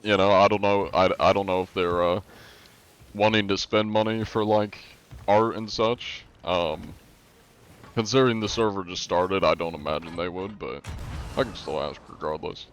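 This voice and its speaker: A man's voice: deep voice, steady tone, normal speed, clean tone, dull audio. A man streaming live, chatting casually while gaming and answering his chat, rambling with many fillers and restarts.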